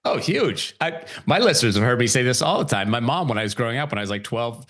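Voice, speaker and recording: Middle-aged male podcast host, easygoing, quick to laugh, slips into quoted voices. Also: medium pitch. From Italian heritage. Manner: relaxed, laughs often, acts out quoted voices. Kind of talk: casual spiritual conversation.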